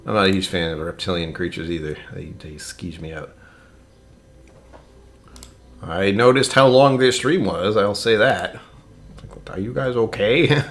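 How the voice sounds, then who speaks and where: A man's voice: low voice, unhurried, pauses often. A man hosting a casual whiskey-tasting live stream, rambling and joking as he reads chat aloud.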